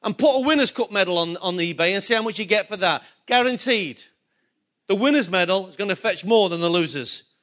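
A man's voice: sits high, expressive, fairly quick, a bit bright. A male pastor preaching a sermon, emphatic and full of rhetorical questions to his congregation.

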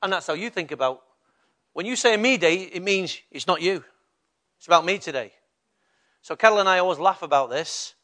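A man's voice: sits high, animated, brisk, pauses often, pushed and bright. A male pastor preaching a sermon in a conversational way, rising to emphatic bursts.

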